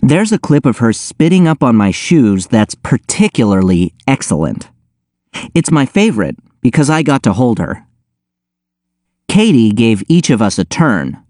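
A man narrating an audiobook in the first person with a wry, deadpan delivery. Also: medium pitch, no echo, clean studio sound.

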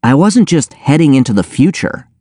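A man narrating an audiobook in the first person with a wry, deadpan delivery. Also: on the high side, normal speed, no room sound, studio quality.

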